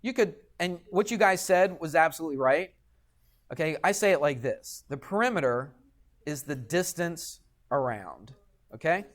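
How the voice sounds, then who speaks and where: A man's voice: a little high, expressive, normal speed. A man teaching a geometry lesson in a classroom, patient and chatty, often checking in with the students. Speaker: high school math teacher.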